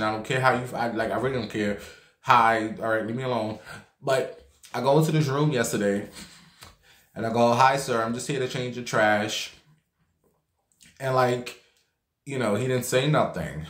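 A man vlogging a casual story in a chatty, animated way, swearing freely and saying "like" a lot. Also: medium pitch. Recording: roomy echo.

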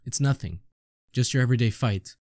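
A man reading aloud as a battered young male drifter who boasts and reminisces wistfully, with a dark, dry voice. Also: mid-range voice, a little fast, dry recording, natural voice. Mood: boastful. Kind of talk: manga read-aloud.

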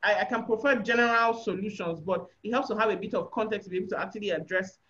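A woman's voice: mid-range voice, fast, a bit bright. A woman giving a frank, explanatory sexual health talk on a webinar, often checking that listeners understand. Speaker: guest speaker on sexual health. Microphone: video call. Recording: dull lo-fi webinar audio.

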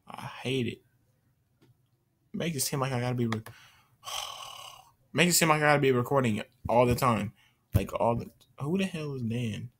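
A man talks over his gameplay in a casual, meandering way, picking sentences up and dropping them halfway. He mutters and swears at opponents between asides to viewers. His voice sits at an ordinary middle pitch, caught on a simple computer mic. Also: normal speed, long pauses, fairly bright tone. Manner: rambling, stop-start, mutters and swears at the game. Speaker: gameplay commentator. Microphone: computer mic while screen recording.

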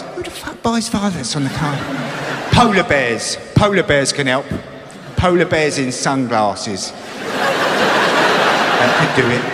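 A man performing a stand-up comedy routine, telling a story with swearing and acted-out panicky quotes, in a large live venue. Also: on the high side. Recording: echoey hall with ambient noise.

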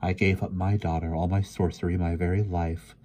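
A man reading aloud, voicing an ancient, gentle but firm sorceress spirit in a storybook. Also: sits low, little pitch movement, fairly quick. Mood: solemn.

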